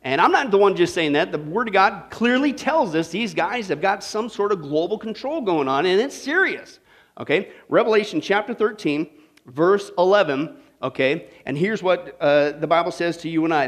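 A male pastor preaching a sermon, telling a joke and then driving into scripture with lively energy. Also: high voice, fairly quick. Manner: energetic, joking storyteller preaching.

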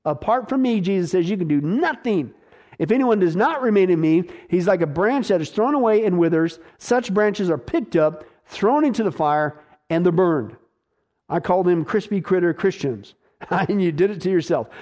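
A man with a high-pitched voice preaching a sermon. He speaks emphatically, keeps asking his listeners questions and answering them himself, and drives his points home in short, repeated phrases. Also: darkish tone. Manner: repetitive, punchy short phrases. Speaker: pastor.

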